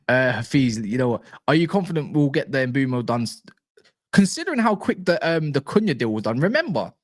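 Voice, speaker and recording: A man chats casually on a football livestream and reads out comments as they come in. He talks in a slangy, animated way, restarts a lot and trips over names. His voice sits at a middling pitch and sounds dry, close and free of room echo. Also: normal speed. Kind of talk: casual livestream chat reading live comments.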